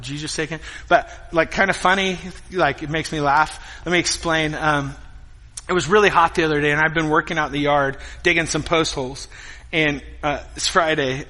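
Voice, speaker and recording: A middle-aged man preaching a sermon as a pastor, telling stories in an animated way and acting out scenes. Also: fairly high pitch. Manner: animated storytelling, acts out scenes. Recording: echoey hall with guitar music behind.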